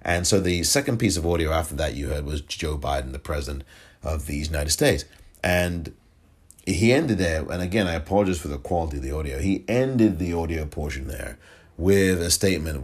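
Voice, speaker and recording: A man with a very low, husky voice delivers indignant political commentary as a podcast host. His pitch swings widely as he hammers each point home with repetition. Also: animated, fairly quick. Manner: emphatic, indignant, repeats points for force.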